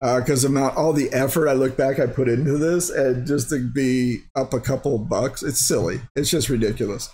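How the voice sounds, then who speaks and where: A man with a mellow, medium-pitched voice hosts a crypto mining channel, speaking at a moderate pace with few pauses. He clicks through his screen while thinking aloud, rambling and sarcastic, in casual screen-share commentary.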